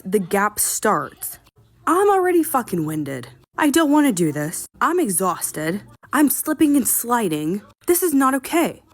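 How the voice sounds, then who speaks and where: A woman telling a personal story in a casual, exasperated and profane way, with dramatic comic complaining. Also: medium pitch. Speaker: storytime vlogger.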